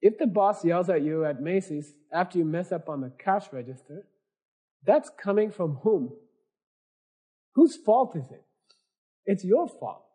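High, husky-voiced man teaching a class. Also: expressive, a little slow, pauses often, warm tone. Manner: keeps checking in with "okay?" and rhetorical questions; earnest, repetitive explaining with everyday examples. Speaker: Buddhist teacher. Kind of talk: dharma lecture to a class.

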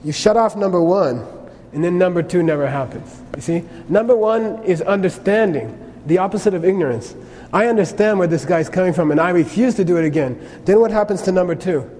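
Speaking briskly with few pauses, a man lectures on karma in Buddhist teaching, conversational and often asking "okay?" His voice is high, expressive, and darkish in tone. The recording has faint noise and a long reverb tail.

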